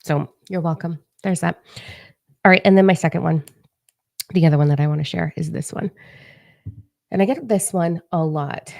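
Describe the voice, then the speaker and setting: A woman's voice: fairly low pitch, normal speed, creaky, pauses often, a little mellow, no room sound. A woman in her forties, a spiritual advisor talking casually on her vlog, blunt, profane and playfully mocking.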